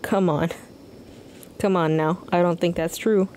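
A young woman streaming a video game live, cracking profane, slangy jokes as she plays. Her voice is low and mellow. Her pace is slow and laid-back. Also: fairly even intonation, a little hiss or hum. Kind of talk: live gameplay commentary.

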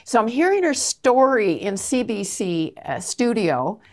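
A woman's voice: a little high, sing-song, a little slow. A middle-aged woman from Canada, an advocate answering interview questions with earnest, emphatic storytelling. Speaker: anti-trafficking advocate, guest.

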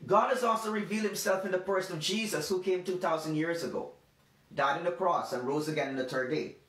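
A man with a high voice preaches a devotional sermon, leaning hard on key words and repeating them for emphasis. He sits back from the mic, and the room rings around his voice. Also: a bit bright. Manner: emphatic, repetitive preaching with slow stressed phrases. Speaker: pastor. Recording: roomy sound from a distant mic.

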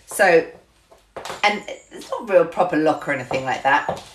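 Chatty woman with a low voice. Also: animated, normal speed, a little hiss or hum. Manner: chatty, repeats words, describes things with gestures. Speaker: vlogger. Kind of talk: casual storytelling to camera.

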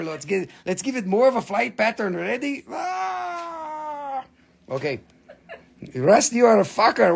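A man hosting a live crystal sale on his phone, excitable and chatty, swearing casually and laughing often. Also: sits high, gravelly, breathy edge. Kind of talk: live-stream sales chat.

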